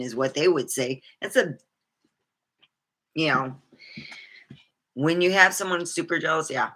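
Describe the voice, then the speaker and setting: A woman's voice: sits low, unhurried, pauses often, a bit bright. A middle-aged woman vlogging candidly about her life, rambling and swearing freely. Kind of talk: personal storytelling monologue.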